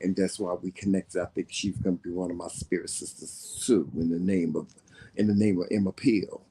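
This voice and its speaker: Low, mellow Southern man chatting. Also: level tone, a little fast, a little hiss or hum, rough recording. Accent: Southern US, faded. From American South. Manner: chatty, many fillers and restarts. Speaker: co-host. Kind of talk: casual chat.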